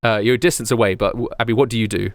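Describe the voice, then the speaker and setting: A man running a tabletop game as game master, narrating in an animated, rambling way. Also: on the low side, rapid-fire.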